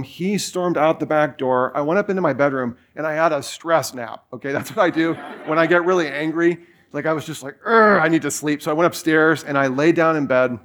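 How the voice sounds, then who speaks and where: A man's voice: on the high side, a bit bright. A man in his forties preaching a sermon, telling a personal story in a casual way with lots of fillers. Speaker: pastor.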